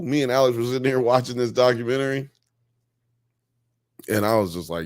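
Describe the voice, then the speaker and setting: A man hosting a live-stream show, chatting casually in an animated, slangy, joking way. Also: mid-range voice, a little fast, no echo, studio quality. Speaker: podcast host.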